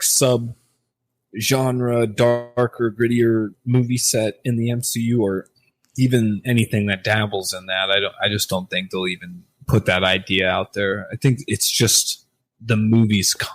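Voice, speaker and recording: A man's voice: fairly low pitch, fairly bright tone. A man co-hosting a casual podcast, rambling and swearing as he works through his thoughts. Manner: rambling, profane, hesitant restarts. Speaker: podcast co-host.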